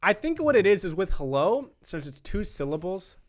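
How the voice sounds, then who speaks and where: A man's voice: high-pitched, big pitch swings, moderate pace. A young man co-hosting a podcast, casually musing and explaining his habits with easy laughs. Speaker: podcast co-host. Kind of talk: casual chat.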